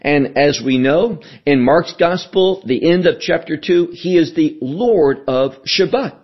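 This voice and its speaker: A man preaching a sermon, slow and emphatic, repeating his key phrases as he teaches from scripture. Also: fairly high pitch, expressive, lo-fi sound. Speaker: pastor.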